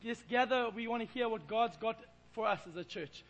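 A man's voice: very high voice, fairly quick, fairly bright tone, poor audio. An Englishman preaching in church, telling a self-deprecating, playful story. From England. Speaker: pastor. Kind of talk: sermon with humorous storytelling.

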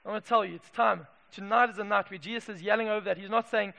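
A man from Zimbabwe preaching a passionate sermon in a church, moving from hushed asides to loud calls. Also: sits high, steady tone, fast, gravelly, hardly any pauses. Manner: passionate, swings from hushed to shouting. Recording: echoey hall reverb.

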